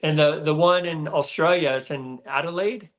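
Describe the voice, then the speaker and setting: A middle-aged man guesting on a casual podcast speaks with a fairly high male voice. He rambles along loosely, stacking fillers and restarting his thoughts as he remembers. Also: steady tone, moderate pace, a bit bright. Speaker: guest, former motocross racer.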